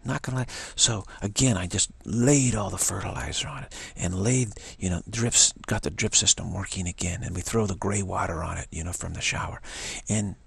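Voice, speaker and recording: Gravelly, husky man giving a spiritual talk. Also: low voice, moderate pace, dry recording. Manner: emphatic, rambling, repeats phrases. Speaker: spiritual teacher. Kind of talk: spiritual pep talk monologue.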